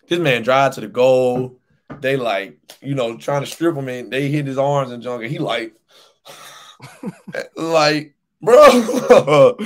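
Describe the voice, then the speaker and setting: Young man ranting about basketball. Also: medium pitch. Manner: animated, emphatic ranting with repeated phrases. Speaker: podcast co-host. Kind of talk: casual sports chat.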